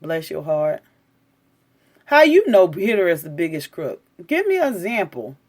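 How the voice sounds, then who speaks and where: A woman's voice: fairly low pitch, big pitch swings, unhurried. A woman doing live-stream commentary, reacting to the news and arguing back at her viewers' comments in an indignant, lecturing way.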